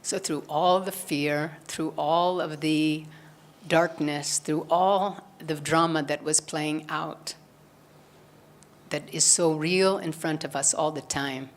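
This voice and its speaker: Low-voiced woman giving a spiritual talk. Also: steady tone, takes it slowly. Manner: earnest storyteller, acts out quoted lines. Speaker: satsang speaker. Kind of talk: spiritual talk retelling a gospel story.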